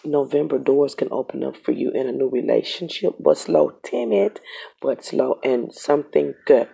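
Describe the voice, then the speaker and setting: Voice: mid-range voice, normal speed, vocal fry, mellow, breathy edge. A tarot reader giving a casual reading straight to the camera, emphatic and repetitive.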